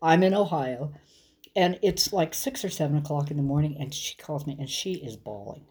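Mellow-voiced woman telling a story. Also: low-pitched, normal speed. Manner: animated, laughing, frequent restarts. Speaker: songwriter and performer, guest. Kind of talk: casual storytelling.

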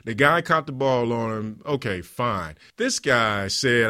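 A man hosting a leadership podcast, telling stories in an animated way with frequent laughs. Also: mid-range voice, unhurried, hardly any pauses, no room sound, clean studio sound. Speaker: podcast host; former pro football player. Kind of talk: podcast conversation.

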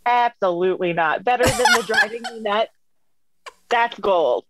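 A woman's voice: medium pitch, moderate pace, very noisy. A woman comedian hosting an interview, enthusiastic and laughing along with her guest. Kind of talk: casual interview chat.

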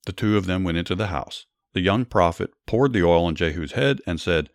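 A man narrates Bible stories and then explains them, reading in a measured, earnest way. His voice sits low. The sound is dry, with no room echo. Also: lively intonation. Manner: measured, earnest reading, small restarts in commentary. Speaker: storyteller and Bible teacher. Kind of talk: Bible story narration with commentary.

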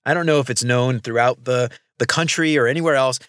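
A man hosting a podcast, telling animated, rambling stories in casual conversation on a close microphone. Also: medium pitch, a little fast, clean tone, no echo. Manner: animated storyteller, rambling asides. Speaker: podcast host.

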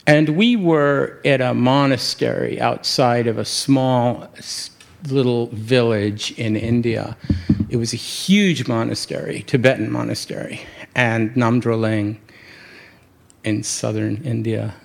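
Man from new york, gravelly voice, middle pitch, halting reflective storytelling, restarts words, chuckles at himself. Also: fairly even intonation. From New York City. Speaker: speaker sharing a personal story.

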